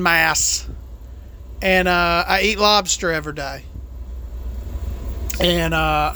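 A man hosting a comedy podcast in character, talking in a put-on Southern accent in a rambling, deadpan way full of "uh" fillers. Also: on the high side, creaky. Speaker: podcast host.

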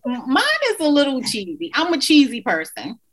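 A woman's voice: sits high, big pitch swings, a little fast, background noise. A woman in her thirties hosting a podcast, telling stories and laughing in casual chat. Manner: chatty, laughing, playful storytelling. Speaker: podcast host.

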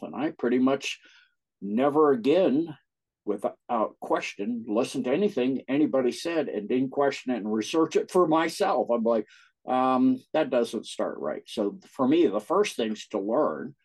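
A man, an interview guest, telling personal stories in casual talk, with a husky voice and frequent laughs. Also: medium pitch, expressive, moderate pace, a little mellow, poor audio. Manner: laughs often while recounting.

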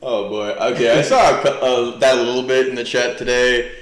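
A man's voice: mid-range voice, fairly quick. A young man from New Jersey, a podcast guest chatting casually and rambling with lots of fillers. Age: young adult. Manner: rambling, heavy "like" fillers, animated. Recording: roomy echo.

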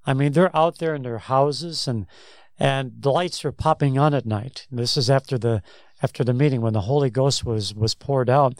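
A man's voice: mid-range voice, moderate pace, darkish tone, no room sound. A man co-hosting a Christian talk show, telling stories in a rambling way that restarts and repeats words. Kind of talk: casual faith discussion, storytelling.

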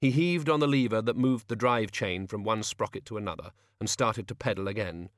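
A man narrating an audiobook in a wry, expressive storytelling manner, recorded in a studio. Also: on the low side, fairly quick, dry recording. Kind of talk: scripted narration.

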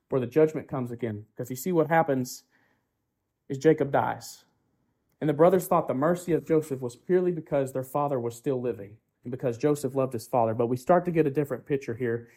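A man's voice: medium pitch, a little mellow. A man preaching a sermon who keeps asking the congregation rhetorical questions, often tagging "right?", and builds his points through repetition.

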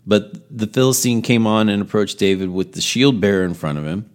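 A Bible teacher with a voice on the low side teaches scripture in a relaxed, chatty sermon style. He retells the story casually, with offhand asides, restarts and quick self-corrections.

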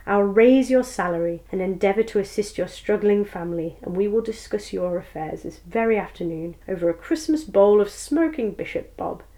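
Woman playing a gruff old miser. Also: medium pitch, expressive, normal speed, hardly any pauses, warm tone, natural voice. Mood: gruff-jolly. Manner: growling, exclaiming. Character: old miser man, gruff then earnest.

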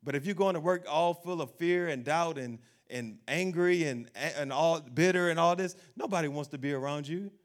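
A man preaches with lively energy, and his voice sits a little higher than most men's. He acts out the worried voices of doubters and laughs now and then. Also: moderate pace, few pauses. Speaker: pastor. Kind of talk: sermon.

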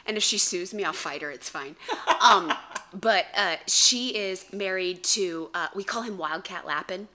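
A woman co-hosting a podcast in casual chat, an animated storyteller who laughs and swears freely. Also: on the low side, a little slow. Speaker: podcast co-host.

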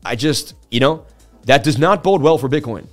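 A man of middle pitch hosts a live stream, running through charts and reading chat at the same time. He talks in a chatty, excitable way and often stops to address his viewers directly. Faint music plays softly underneath his voice. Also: moderate pace. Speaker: livestream host.

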